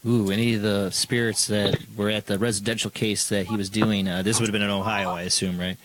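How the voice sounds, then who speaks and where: A man's voice: fairly low pitch, little pitch movement, fairly quick, a bit bright, rough recording. A man hosting a live paranormal call-in show, chatting casually with a caller and reading out contact details.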